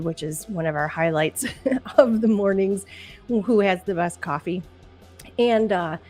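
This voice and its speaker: A woman's voice: lowish voice, darkish tone. A woman hosting a casual live-stream podcast, chatty and emotional, laughing often as she talks. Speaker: podcast host. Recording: faint background music.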